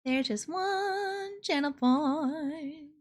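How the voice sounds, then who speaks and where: Young woman streamer, high bright voice, giggly, loud and excitable chat. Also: extremely slow, soft background music. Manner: laughs often, excitable and loud. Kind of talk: casual livestream chat.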